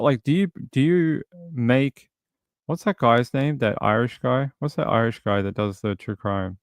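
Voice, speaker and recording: A man's voice: on the low side, clean tone, dry recording, studio quality. A man casually commenting on a true crime case during a livestream, reading and answering chat, rambling with lots of fillers. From outside the US. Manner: rambling, many fillers and restarts.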